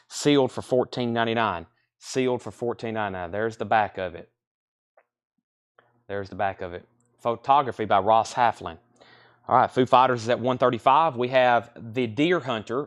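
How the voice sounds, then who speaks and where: A man running a live online record sale in a relaxed, chatty voice. He talks at a middle pitch and keeps up a steady flow of bids, buyer names and prices, repeating each price as he goes. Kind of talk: live-stream sales patter.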